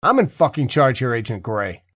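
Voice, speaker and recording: A man's voice: medium pitch, fairly quick, dry recording, studio quality, natural voice. A man voicing an arrogant, hot-headed male federal agent who barks orders in an audiobook. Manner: bossy, yelling.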